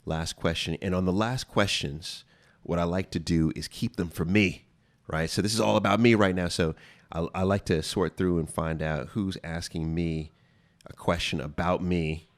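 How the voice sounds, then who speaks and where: A man with a very low voice hosts an advice podcast from a studio. He talks casually but with emphasis and circles back to repeat his main points. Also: fairly even intonation, normal speed. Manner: emphatic, repeats key phrases for stress. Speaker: podcast host.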